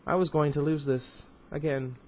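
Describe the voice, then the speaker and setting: A man's voice: a little high, fairly even intonation, moderate pace, darkish tone, a little hiss or hum, rough recording. A man reading a novel aloud in first person, dropping offhand asides and correcting himself as he goes. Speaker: book reader. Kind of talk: casual read-aloud of a novel.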